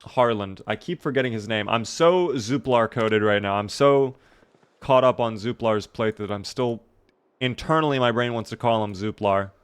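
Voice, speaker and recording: A man's voice: medium pitch, normal speed, clear, resonant tone. A tired young man streaming a survival game, chatting casually and thanking viewers by name. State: tired, yawning. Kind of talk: casual live-stream commentary.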